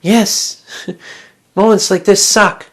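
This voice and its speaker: Woman, Bible teacher, devotional talk, earnest, reflective, rhetorical questions, mid-pitched voice. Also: steady tone, drawn-out words.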